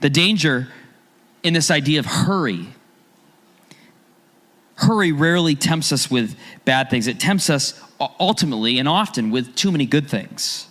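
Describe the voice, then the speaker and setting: A man's voice: on the high side, sing-song, measured pace, a bit bright. A man preaching a sermon as a pastor, talking in a conversational way and asking his listeners rhetorical questions.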